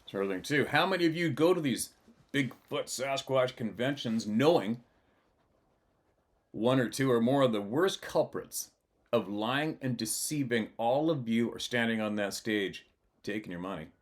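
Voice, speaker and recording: A man's voice: mid-range voice, lively intonation, normal speed. A man hosting his channel, telling a rambling personal story in a blunt, profane way. He laughs often and keeps restarting his sentences. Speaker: channel host. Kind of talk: casual storytelling monologue.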